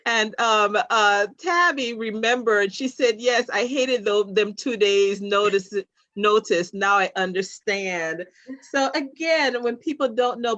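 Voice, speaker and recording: A woman's voice: on the high side, fairly bright tone, no room sound. A woman hosting an interview, encouraging her guest and reading out viewer comments. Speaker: host. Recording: dry, muffled lo-fi audio.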